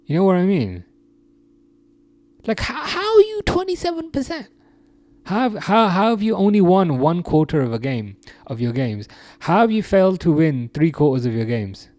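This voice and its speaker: A man's voice: fairly high pitch, sing-song, brisk, hardly any pauses, a little mellow, no echo. Young man, from England, live stream host, casual chat, laughs a lot, restarts sentences, dry close mic. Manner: chatty, laughs often, many restarts and fillers. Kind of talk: casual live chat reading viewer comments.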